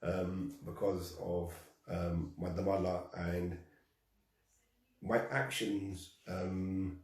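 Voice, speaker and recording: A man telling a personal story in a lively way, acting out the dialogue and laughing at himself. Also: low voice, drawn-out words. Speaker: guest. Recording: echoey room, distant from mic.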